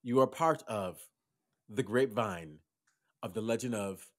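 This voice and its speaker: A man co-hosting a podcast, telling a story theatrically, switching between loud bursts and hushed asides. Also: lowish voice, a little slow. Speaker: podcast co-host.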